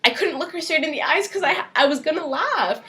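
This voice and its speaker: A woman's voice: high voice, a little fast. A young woman co-hosting a podcast, telling a work story in casual chat and acting out what people said, laughing as she goes. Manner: animated, acts out quoted dialogue, laughs while telling. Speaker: podcast co-host.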